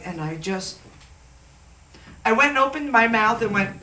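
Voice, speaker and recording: A woman's voice: on the high side, expressive, a little slow, pushed and bright. Hesitant middle-aged woman telling a story. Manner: hesitant, searching for words. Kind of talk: casual storytelling on a talk show. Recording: echoey room, far from the mic, faint noise.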